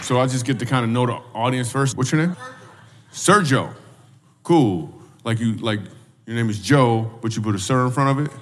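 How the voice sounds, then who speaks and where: A male stand-up comedian does crowd work on a stage in a church hall, teasing audience members and repeating his questions. His voice is mid-range at a moderate pace, picked up from a distance in the reverberant hall with a little hiss or hum.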